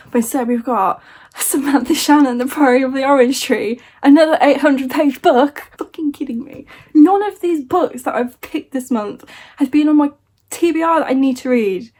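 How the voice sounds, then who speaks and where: A woman's voice: a little high, darkish tone. A young woman chatting casually as a book vlogger, swearing freely and joking with exasperated humor. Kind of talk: casual chat.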